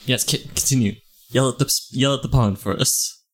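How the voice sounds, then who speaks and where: A man's voice: mid-range voice, normal speed. A man playing a tabletop role-playing game, chiming in with casual remarks. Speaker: player.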